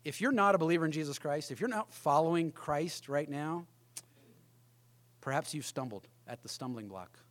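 Emphatic high-voiced male preacher. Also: animated, moderate pace. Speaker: pastor. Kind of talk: sermon.

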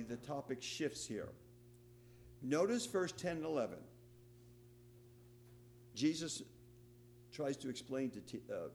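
A man preaching a sermon as pastor, acting out the quoted lines with a raised voice. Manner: animated, acts out quoted lines with raised pitch.

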